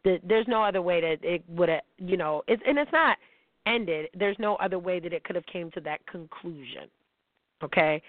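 A woman's voice: lowish voice, moderate pace, no room sound. A woman hosting a podcast, delivering a blunt, heated, profane monologue. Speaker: podcast host. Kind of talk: emotional monologue. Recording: tinny phone-like sound.

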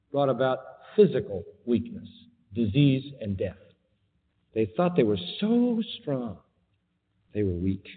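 A man preaching a sermon, emphatic and animated, mocking his subject with sarcastic quotes. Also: breathy edge, big-room sound, phone-quality sound. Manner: emphatic, sarcastic quoting with big pitch jumps.

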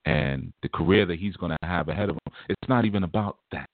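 Man doing a gushing spiritual guru, hushed and low, dreamy, tinny dry phone line. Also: quick pace, dry recording. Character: soft-spoken flattering spiritual guru man.

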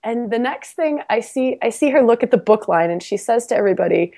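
A woman's voice: fairly high pitch, a little fast, hardly any pauses. A woman, a podcast guest, telling a personal story in a casual interview. She mocks herself, laughs often and repeats words as she restarts sentences. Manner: animated, self-mocking storyteller with frequent laughs.

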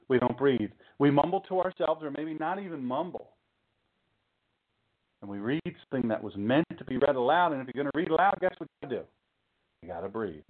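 Joking preacher on a tinny line. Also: male voice, a little high. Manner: chatty, joking asides, rhetorical questions. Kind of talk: informal sermon talk. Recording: tinny phone-like sound.

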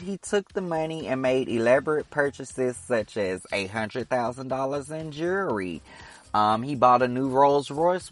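A man hosting his own podcast in a casual, opinionated solo monologue, teasing that he will stir up controversy. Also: mid-range voice. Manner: chatty and opinionated, teasing about stirring controversy. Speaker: podcast host.

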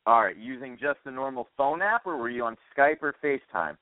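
A man's voice: mid-range voice, expressive, a little fast, dry recording. An American man hosting a casual chat by phone, swearing freely and adding wry asides. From United States. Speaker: podcast host. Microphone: phone call. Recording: dry, tinny phone line.

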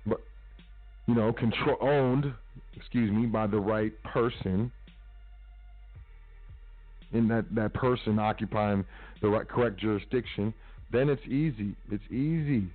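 Low-voiced man on a tinny line. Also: a little slow, long pauses, no echo, soft background music. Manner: casual, emphatic, repeats phrases. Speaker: radio show host. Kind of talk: motivational talk radio monologue. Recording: tinny phone-like line, dry.

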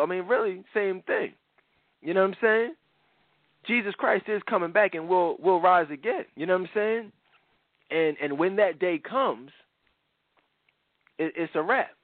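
A middle-aged man hosting a radio talk show, preaching in a casual, animated way. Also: sits high, dry recording. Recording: dry phone-like radio sound.

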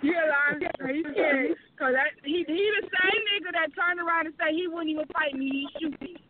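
A woman's voice: extremely high pitch, moderate pace, crowd noise. A woman on a talk radio show, teasing the other host bluntly and swearing. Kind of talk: casual talk radio banter. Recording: tinny phone line with hiss.

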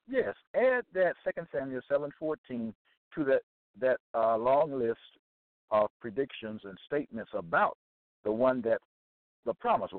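A man's voice: medium pitch, no echo. A man hosting a religious broadcast, preaching on Bible passages in an emphatic, repetitive way and checking in with "okay?". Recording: tinny phone-line sound, dry.

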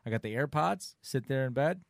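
Chatty man, mid-pitched, dry mic. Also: expressive, brisk, gravelly, no room sound. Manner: enthusiastic, chatty, repeats himself. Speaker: podcast host. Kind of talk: casual chat.

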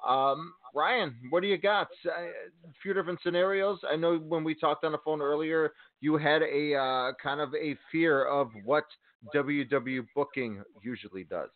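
This man's voice sits on the high side and moves at normal speed as he co-hosts a sports radio segment about wrestling. His talk is rambling and casual, littered with fillers and restarts, and the dry recording has a tinny phone-line quality.

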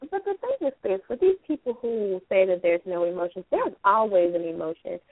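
A woman who is a guest on a radio talk show, outspoken and animated in casual chat. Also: mid-range voice, fairly quick, slightly rough, no room sound. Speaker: studio guest. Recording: dry phone-line sound.

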